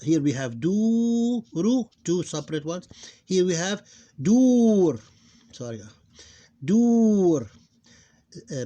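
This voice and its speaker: Hesitant man teaching phonics, fairly high voice. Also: darkish tone. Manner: hesitant, many fillers, slows down to sound out words. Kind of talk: explaining a lesson on screen.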